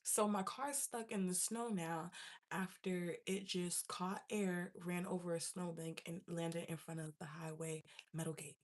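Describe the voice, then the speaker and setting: Speaking a little slowly in a fairly low voice, a young woman casually shares a story with her viewers. The vlogger laughs a lot and animatedly acts out how panicked she was.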